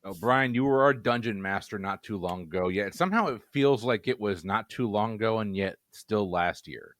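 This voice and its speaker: A man's voice: fairly low pitch, moderate pace, fairly bright tone, dry recording, studio quality. A man hosting a casual trivia podcast, joking as he introduces the players. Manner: jokey, playful introductions. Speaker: quiz show host.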